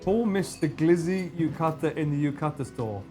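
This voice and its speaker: A young English man with an Essex accent talks casually on a live stream, animated, with plenty of slang and swearing. Soft music plays faintly behind him. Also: a little high, moderate pace. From England. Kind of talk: casual chat with a co-host and live chat.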